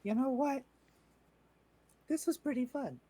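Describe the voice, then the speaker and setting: Brief: a man doing a hulking, stubborn creature woman, boastful and quick-tongued, a little higher than his usual voice. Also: warm tone, husky. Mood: cheerful. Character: big clumsy female creature, proud and stubborn.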